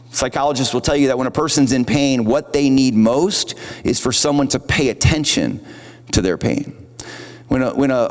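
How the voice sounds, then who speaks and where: A man's voice: mid-range voice, in a large hall. A man preaching a sermon as pastor in an earnest, conversational way, acting out little quotes as he goes. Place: church auditorium.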